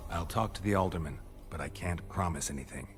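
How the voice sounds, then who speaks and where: Actor doing a gruff monster hunter, very deep voice, dry and terse, game score behind. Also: male voice, brisk, natural voice. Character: gruff middle-aged male monster hunter. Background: game music.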